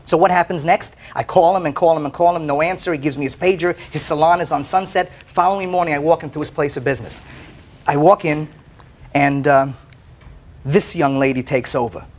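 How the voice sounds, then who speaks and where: A man testifying as plaintiff on a courtroom show, telling his story in an animated way, often stammering and repeating words. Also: a little high, a little fast. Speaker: plaintiff in a TV small-claims case. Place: TV courtroom set.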